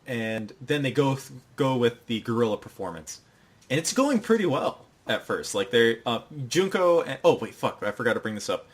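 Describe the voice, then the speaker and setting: Young man, casual podcast chat, rambling recap, mid-pitched voice, jumps into silly character voices. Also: very animated. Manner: rambling, acts out characters' lines in quick put-on voices. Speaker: podcast co-host.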